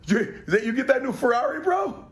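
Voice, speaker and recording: A man putting on a boastful rich country club bro, loud, profane and name-dropping, with a husky voice. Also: very high voice, sing-song, fairly quick, voice pushed up, heavily acted.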